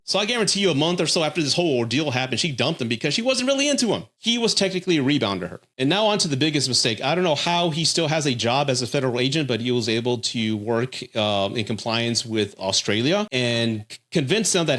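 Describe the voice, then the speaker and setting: A man's voice: medium pitch, big pitch swings, quick pace, a bit bright. A middle-aged man hosting a casual film review, talking enthusiastically and swearing freely.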